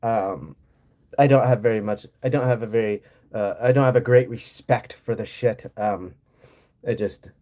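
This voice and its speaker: A man's voice: lowish voice, normal speed, mellow. A man from Montana chatting with his livestream audience in a casual, profane and sarcastic rant. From Montana, USA. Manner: profane, blunt, sarcastic ranting. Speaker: streamer answering chat. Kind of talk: casual ranting livestream chat.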